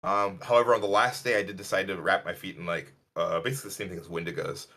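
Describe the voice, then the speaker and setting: A man from Illinois co-hosting a podcast, telling rambling stories and acting out other people's lines in a higher voice. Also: quick pace. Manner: animated, rambling, acts out quotes in a higher voice. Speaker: podcast co-host. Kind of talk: casual storytelling chat.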